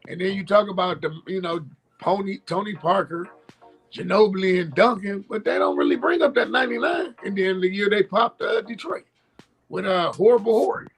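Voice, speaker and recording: A man co-hosts a sports talk show in a relaxed, fairly high voice. He keeps his answers short and pauses with fillers. Faint music runs underneath. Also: gravelly, husky. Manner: relaxed, brief, fills pauses with uh. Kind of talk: casual sports chat.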